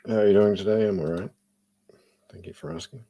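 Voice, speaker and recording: A man's voice: lowish voice, fairly even intonation, brisk, dark tone. A man in casual chat, thoughtful and meandering, reading out viewer chat. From Australia. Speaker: podcast co-host.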